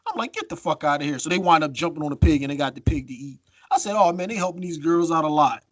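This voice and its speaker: A man co-hosting a podcast in casual chat, telling a story with lively acted-out quotes and free swearing. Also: on the high side, quick pace, dry recording. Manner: animated storytelling, acts out quotes, swears freely. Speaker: podcast co-host.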